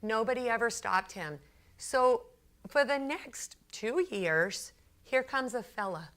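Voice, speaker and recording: Woman consultant telling a work story, bright clear voice, chatty, lots of ums, acts out the people she talks about. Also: fairly high pitch, slow pace. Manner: chatty, animated storyteller who acts out her anecdotes; frequent fillers and repeated phrases. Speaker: consultant giving a talk. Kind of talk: storytelling speech to a business audience.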